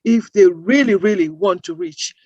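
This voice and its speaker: A woman's voice: mid-range voice, lively intonation, moderate pace, warm tone, breathy edge, no echo, muffled recording. Earnest woman making emphatic points. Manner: emphatic, builds points with rhetorical questions. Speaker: guest, accent-bias advocate. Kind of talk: interview answers.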